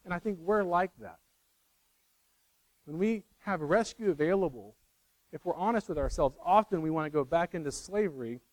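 A man's voice: a little high, expressive, normal speed, no echo, low-quality recording. A middle-aged man preaching a sermon in a conversational way, correcting himself and teasing the congregation.

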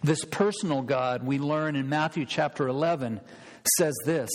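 Male pastor, sermon, emphatic, slightly high-pitched, long church reverb. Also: normal speed. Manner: emphatic, repeats words when stressing a point. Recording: long reverb of a large hall.

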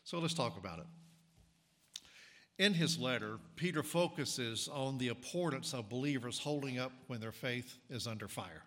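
A man preaching a sermon as pastor, talking in a conversational, halting way with frequent restarts and fillers. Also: medium pitch, animated, fairly bright tone, in a large hall. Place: church sanctuary.

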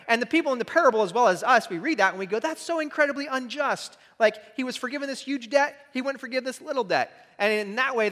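A man preaching in a church sanctuary, his fairly high, bright voice carrying with a long hall reverb. He talks in an earnest, conversational way and keeps checking in with his listeners. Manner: earnest, conversational preaching with frequent "right?" asides. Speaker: pastor. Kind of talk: sermon.

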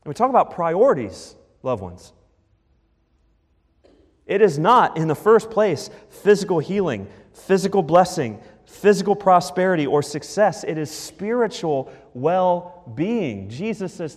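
A male pastor preaches a sermon in a fairly high voice, emphatic and punchy. He is in a church, and the hall gives his voice a long reverb. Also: big pitch swings, unhurried, breathy edge.

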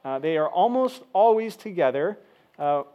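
A man's voice: high-pitched, lively intonation, moderate pace, dark tone. A man preaching a sermon, explaining a scripture passage in an easygoing, conversational way with frequent fillers. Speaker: pastor.

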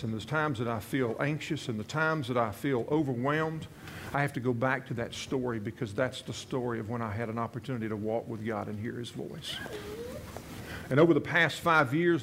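Earnest pastor telling a story. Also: male voice, mid-range voice, a little hiss or hum. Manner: earnest, repeats and restarts phrases, voices quoted prayers softly. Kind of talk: sermon storytelling.

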